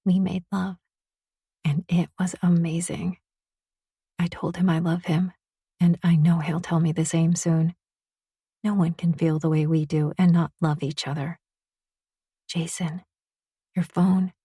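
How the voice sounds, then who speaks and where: Audiobook narrator: woman, low husky voice, intimate first-person romance read, dry close booth sound. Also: flat delivery, measured pace, pauses often, warm tone, no echo. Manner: intimate, confessional reading.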